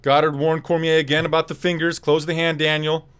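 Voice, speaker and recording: A man giving casual play-by-play fight commentary on a live stream, quick and loose with fillers and restarts. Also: on the high side, level tone, fairly bright tone, clear, resonant tone.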